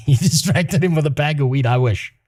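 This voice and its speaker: A man's voice: a little high, moderate pace, darkish tone. Swearing, heated male streamer. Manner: profane, heated, swears constantly. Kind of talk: casual storytime rant.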